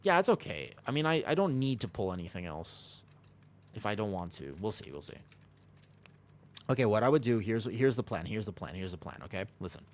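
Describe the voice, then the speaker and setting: Lively-voiced American man streaming. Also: on the low side, fairly quick. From Los Angeles, USA. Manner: chatty, reads viewer questions aloud and answers casually. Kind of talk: live-stream game commentary.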